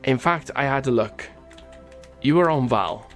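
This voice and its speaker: A man's voice: mid-range voice, lively intonation, a little slow, faint music behind. A man hosting a gaming channel, chatting casually over gameplay as he reads out viewer comments, often stumbling over names and laughing.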